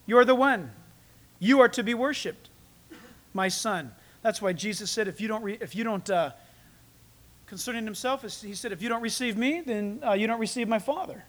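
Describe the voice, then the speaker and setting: A man with a high voice preaches a sermon as pastor. He builds to loud, emphatic peaks, then drops to quiet, close asides to the congregation. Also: normal speed.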